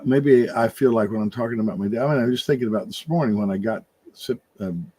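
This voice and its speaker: An older man in casual conversation, thinking out loud in a rambling way, with many restarts and fillers. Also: medium pitch, fast talker, husky. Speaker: podcast co-host. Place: room with his wife nearby.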